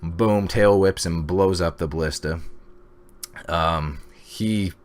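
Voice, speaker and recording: A man casually recapping a TV episode, rambling with fillers and excited reactions. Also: low voice, slow pace. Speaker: TV episode reviewer. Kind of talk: casual video review.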